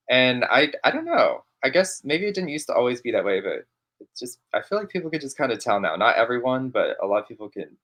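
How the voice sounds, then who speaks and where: A man's voice: mid-range voice, a bit bright. A man with a Texan accent, a podcast guest talking casually and thoughtfully. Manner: thoughtful, rambling with fillers. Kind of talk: casual chat.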